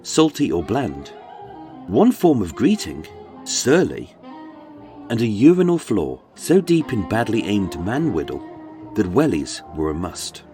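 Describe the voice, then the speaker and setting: A man's voice: on the low side, wildly swooping pitch, unhurried, music in the background. A man with a British accent, narrating a true-crime podcast in a dramatic, darkly wry storytelling manner. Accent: British English.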